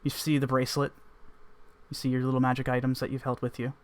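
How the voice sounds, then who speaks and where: A man's voice: mid-range voice, completely flat delivery, fast. A man running a tabletop game as game master, narrating in a loose, rambling descriptive way.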